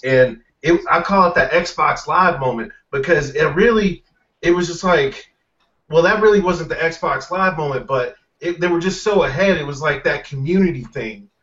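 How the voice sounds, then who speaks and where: A man's voice: on the high side, moderate pace, a bit bright. A man chatting casually on a podcast, telling stories in a laid-back, profane way. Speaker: podcast panelist. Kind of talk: casual chat. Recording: distant, dull lo-fi sound.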